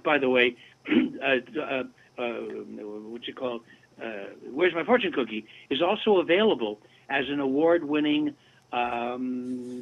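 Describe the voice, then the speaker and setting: A man in his seventies, a voice actor guest telling animated, chatty anecdotes in a casual interview over a remote call. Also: medium pitch. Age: 70s. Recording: tinny phone-like line.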